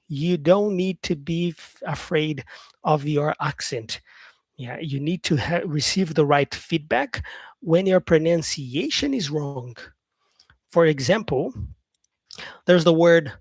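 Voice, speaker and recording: A man's voice: on the high side, darkish tone, dry recording. Upbeat man. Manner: upbeat and encouraging, repeats phrases, reads out viewer comments. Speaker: English teacher, live stream host. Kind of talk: casual live-stream chat answering comments.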